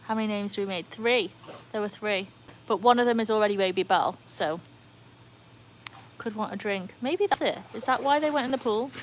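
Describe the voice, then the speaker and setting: A woman hosting a casual livestream by her pool, chatting excitedly and answering viewer comments. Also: mid-range voice, moderate pace, a little hiss or hum. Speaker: livestream host. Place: outdoors by a backyard pool. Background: faint outdoor ambience, dogs.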